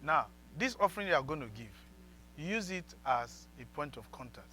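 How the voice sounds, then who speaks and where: A male pastor with a bright, forceful delivery leads his congregation through a sermon, repeating prayer lines for them to echo. His voice sits a little higher than most men's, with a faint hum underneath. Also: animated, moderate pace.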